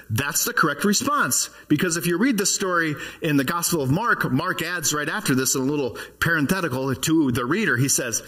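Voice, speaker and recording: A man's voice: on the high side, lively intonation, a little fast, hardly any pauses, fairly bright tone, breathy edge. A man preaching a sermon as pastor, talking conversationally and asking the congregation questions. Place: church.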